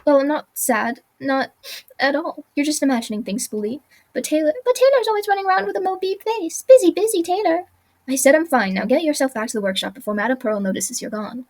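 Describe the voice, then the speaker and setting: A jumpy young tailor, read by a woman, who talks in a nervous, flustered rush. The voice sits fairly high and light. She sounds worried and quick to brush things off. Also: a little mellow. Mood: defensive. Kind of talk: reading game dialogue aloud.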